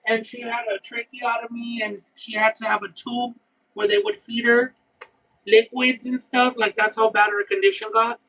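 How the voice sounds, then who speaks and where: A man chatting casually on a livestream, talkative and expressive, who swears now and then and keeps saying "you know what I mean.". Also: very high voice, normal speed, poor audio. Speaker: streamer reading chat.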